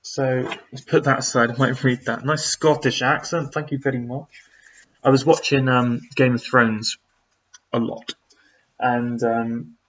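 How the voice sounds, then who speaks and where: A man's voice: mid-range voice, fairly bright tone, husky, dull audio. A man who speaks, casually answering viewer questions on a live stream, rambling with lots of fillers as he reads the chat.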